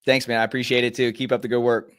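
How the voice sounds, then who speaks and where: A man's voice: mid-range voice, little pitch movement, very fast, no echo, clean studio sound. A young man, a mental golf coach and podcast guest, giving earnest, encouraging advice in casual chat with frequent "uh"s.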